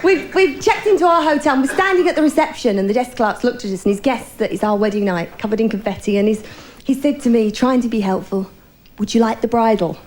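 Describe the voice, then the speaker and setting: A woman's voice: fairly high pitch, expressive, quick pace. A middle-aged woman performing a stand-up comedy routine, telling bawdy stories in a chatty way and talking straight to the crowd.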